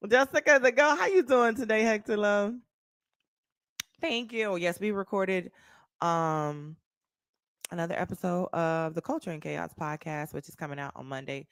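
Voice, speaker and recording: With a smooth voice on the low side and a normal speed, a woman from Texas chats on her livestream podcast, no room sound in the mix. She's lively and profane, calling out viewers by name and reacting to their comments directly.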